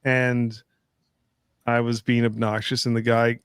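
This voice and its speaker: A man's voice: mid-range voice, level tone, a little slow, clear, resonant tone. A middle-aged man with an ordinary mid-range voice tells stories in an easygoing, rambling way, often stopping to restart a sentence. The sound is dry and close, with no room echo. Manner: rambling anecdotal storyteller with restarts. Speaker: live stream co-host. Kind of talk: casual chat.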